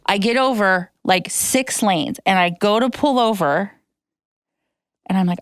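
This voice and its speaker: A woman hosting a podcast, telling a story in casual chat, animated and swearing freely, laughing as she talks. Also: on the low side, measured pace, smooth, no echo, clean studio sound. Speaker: podcast host.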